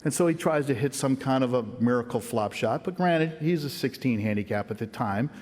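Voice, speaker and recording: A middle-aged man at a lectern in a large ceremony hall, his words trailing off into a long, ringing reverb. He talks in an earnest, folksy way, warmly spinning anecdotes for the crowd in a voice of ordinary middle pitch. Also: lively intonation, brisk. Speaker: hall of fame inductee. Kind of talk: acceptance speech with storytelling.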